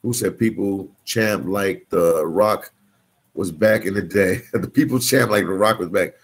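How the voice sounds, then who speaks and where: Guy doing a live travel vlog, lowish voice, reads chat out, gets loud and animated. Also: unhurried, husky, rough recording. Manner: reads viewer comments aloud, slangy and animated. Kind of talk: casual live-stream chat. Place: in the Dominican Republic.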